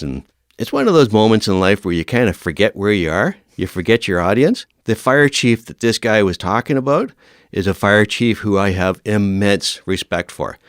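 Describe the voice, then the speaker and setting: A man in his fifties with a low, smooth, resonant voice tells stories as a guest on a podcast. He acts out the lines of the people in his stories as he goes. The recording is close and dry, with no room echo. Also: normal speed. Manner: lively storyteller who acts out quoted dialogue. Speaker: podcast guest, veteran firefighter. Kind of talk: casual storytelling interview.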